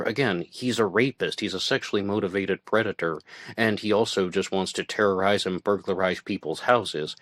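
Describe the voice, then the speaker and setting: Deep-voiced guy hosting a true crime show, chatty, lots of ums, dry mic. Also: dry recording. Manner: conversational, with fillers and self-corrections. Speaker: host. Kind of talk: casual true-crime commentary.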